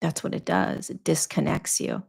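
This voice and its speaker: A woman's voice: normal speed, a little mellow. A woman spiritual teacher hosting a live question-and-answer talk, speaking earnestly in a repetitive coaching cadence with frequent fillers. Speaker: spiritual teacher and podcast host.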